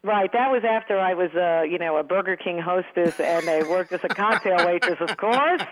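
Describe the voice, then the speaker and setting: A woman's voice: lowish voice, normal speed. A middle-aged woman with a Long Island New York accent, a sportscaster telling stories in an interview, often breaking into a giggling laugh. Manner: chatty, animated storytelling. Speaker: sportscaster guest. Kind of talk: casual interview answers. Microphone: telephone. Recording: narrow tinny phone line.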